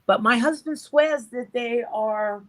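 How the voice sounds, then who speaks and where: A middle-aged woman with a slightly high voice, chatting as a guest. She talks loosely and bluntly, swears freely and acts out every line of dialogue in her stories. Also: slow pace, rough recording. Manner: swears freely, tells stories with reported speech. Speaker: interview guest. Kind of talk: casual chat.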